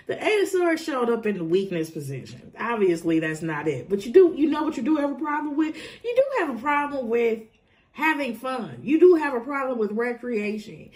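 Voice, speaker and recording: High, lively, unhurried woman reading tarot. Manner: blunt, swearing, laughing often, talking straight to the viewer. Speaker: tarot reader. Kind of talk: casual pick-a-card tarot reading.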